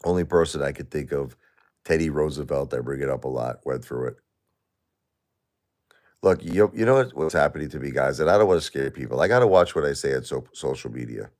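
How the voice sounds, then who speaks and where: A middle-aged man live-streaming while grieving, talking to his chat in halting, repetitive, emotional bursts. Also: very deep voice, animated, darkish tone.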